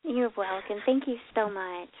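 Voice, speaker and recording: A woman's voice: mid-range voice, moderate pace, crowd noise. A woman co-hosting a radio talk show, chatting casually and laughing as she tells stories. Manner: chatty, laughing, puts on mock British voices. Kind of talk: casual chat. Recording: tinny phone-like line.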